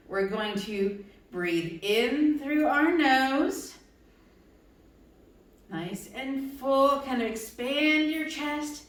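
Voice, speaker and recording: A woman with a high voice leads children through a yoga routine, cheerful and encouraging as she asks how they feel. She stands back from the microphone, and her words ring through a strongly echoing room. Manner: cheerful, encouraging, coaxing questions to kids. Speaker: kids' yoga instructor. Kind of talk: guided yoga instruction for children. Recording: very echoey room, far from mic.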